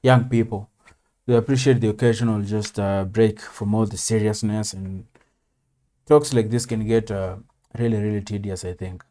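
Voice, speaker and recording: A man reacting to a clip in relaxed, casual commentary, cursing freely and tossing "man" into his sentences. His voice sits low with a warm, mellow tone. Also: moderate pace. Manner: laid-back, swears, says "man" often. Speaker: reaction video host.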